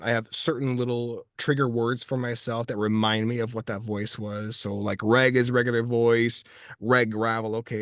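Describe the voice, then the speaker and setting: Interview guest: a man voice actor from Texas, chatty storyteller, mid pitch, dry close sound. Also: no room sound. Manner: chatty, restarts phrases while telling anecdotes. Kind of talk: casual interview chat.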